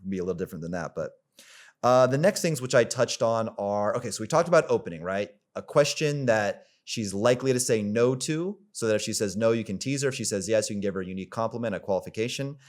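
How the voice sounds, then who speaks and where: Low-voiced man rambling dating advice. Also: animated, fast. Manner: rambling, filler-heavy, swears casually. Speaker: dating coach. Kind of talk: casual coaching monologue to camera.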